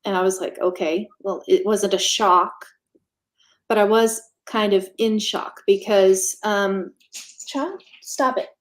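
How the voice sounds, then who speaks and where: A woman telling her own story as an interview guest, candid and matter-of-fact, pausing often and filling gaps with ums. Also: medium pitch, little pitch movement. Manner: halting, with frequent pauses and fillers. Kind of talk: casual conversational storytelling.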